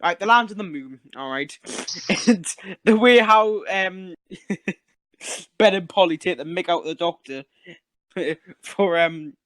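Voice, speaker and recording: Geordie guy on a podcast, high voice, laughs a lot, swears casual. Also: slow pace, long pauses, fairly bright tone, no room sound. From England. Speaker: podcast host. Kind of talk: casual chat.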